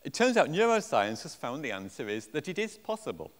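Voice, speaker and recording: English man, conference talk, lively swooping delivery, slightly high voice, self-mocking jokes, long hall echo. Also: fairly quick. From England. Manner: animated, jokey, self-deprecating. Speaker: conference speaker. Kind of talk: conference presentation.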